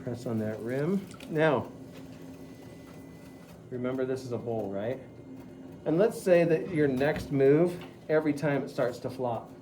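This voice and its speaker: A man's voice: mid-range voice, unhurried, pauses often, warm tone, a little hiss or hum. A middle-aged man teaching pottery at the wheel, chatty and talking students through each step. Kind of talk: live wheel-throwing demonstration.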